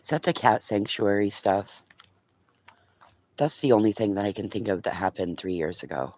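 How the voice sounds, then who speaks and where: A man's voice: lowish voice, moderate pace, a little mellow. A man in a casual, rambling live-stream chat, talking to his viewers and his pets early in the morning. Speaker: vlogger.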